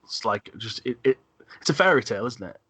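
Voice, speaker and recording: A man hosting a podcast, chatting casually about films, halting and repeating words as he thinks. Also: medium pitch, lively intonation, bright, forceful tone, slightly rough, no echo. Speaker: podcast host. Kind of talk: casual film discussion.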